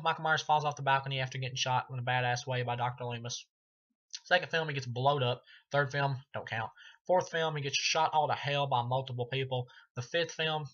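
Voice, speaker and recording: A man with a bright, forceful voice rants through a movie review, cursing freely and laughing at what he describes. The sound is dull and lo-fi, like a home recording. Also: medium pitch. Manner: ranting, profane, laughing often. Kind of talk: profane movie review rant.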